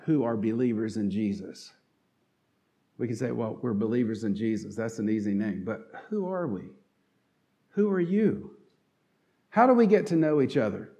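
A man's voice: medium pitch, dark tone. A middle-aged man with a Southern accent from North Carolina, preaching a sermon in an earnest, folksy way with frequent "uh" fillers. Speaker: lay preacher.

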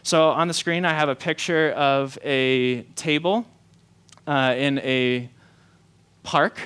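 A man preaching a sermon to his congregation, conversational and animated, acting out the lines he quotes. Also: medium pitch, slow pace, clean tone. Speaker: pastor.

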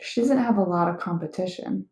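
A woman in her thirties co-hosting a casual podcast with her husband, speaking calmly and thoughtfully and often agreeing with him. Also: fairly low pitch, brisk. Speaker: podcast co-host. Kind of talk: casual chat with spouse. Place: room at home. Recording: roomy home recording.

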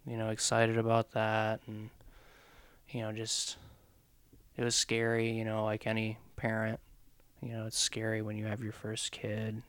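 A man telling his own story candidly, hesitant and reflective, often pausing on fillers. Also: fairly low pitch, completely flat delivery, fairly bright tone, smooth, no echo. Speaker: podcast co-host, father sharing his story.

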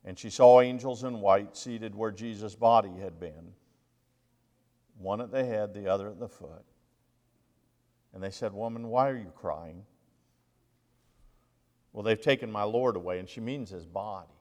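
A male minister preaching a sermon, reading scripture aloud with dramatic pauses and emphasis. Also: lowish voice, a little mellow. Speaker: interim lead minister. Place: church sanctuary. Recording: long reverb of a large hall.

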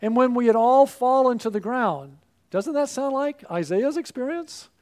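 Male pastor, higher register, earnest sermon delivery that builds to fervent calls. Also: expressive, moderate pace, darkish tone. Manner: earnest, rising to fervent appeals.

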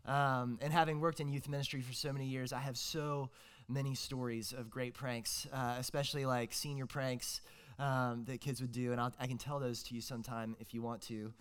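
A young man preaches as a guest, rambling and joking with plenty of fillers. His voice is smooth and resonant, at a middle pitch. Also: little pitch movement, normal speed, hardly any pauses. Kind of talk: sermon.

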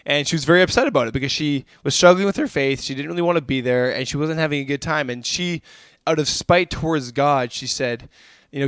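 A man's voice: fairly high pitch, a little fast, fairly bright tone, clean tone, no room sound, studio quality. A young adult man preaching a sermon, fervent and calling his listeners "guys".

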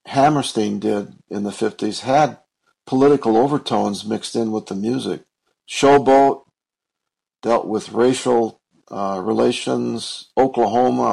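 A man's voice: medium pitch, gravelly, darkish tone, low-quality recording. A man co-hosting a podcast, talking thoughtfully and hesitantly about old films. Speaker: podcast co-host. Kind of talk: casual chat.

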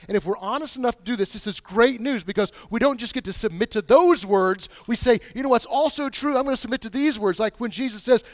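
A man preaching a sermon, pleading with his listeners and swinging between hushed, quiet stretches and loud, emphatic lines. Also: high voice, quick pace, hardly any pauses, no room sound, clean studio sound. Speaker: pastor.

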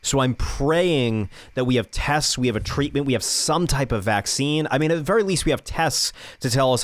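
A man's voice: medium pitch, moderate pace, no echo. A man in his thirties hosts a casual podcast chat, stumbling and restarting his sentences between wry jokes. His voice sits mid-range and sounds close and dry. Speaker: podcast host.

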